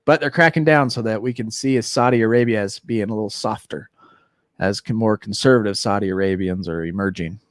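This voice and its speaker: A man's voice: lowish voice, brisk, no room sound, studio quality. A man hosting a recovery livestream in casual chat, laid-back and joking as he thanks viewers and shares news. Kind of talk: casual live-stream chat.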